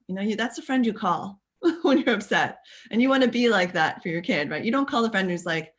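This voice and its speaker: A woman giving a coaching talk to parents, chatty and expressive, acting out little quoted exchanges with laughs. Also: medium pitch, brisk.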